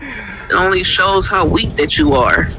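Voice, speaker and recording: A man's voice: high-pitched, big pitch swings, a little slow, noisy background. A man in a confrontational rant, taunting and insulting in casual slang.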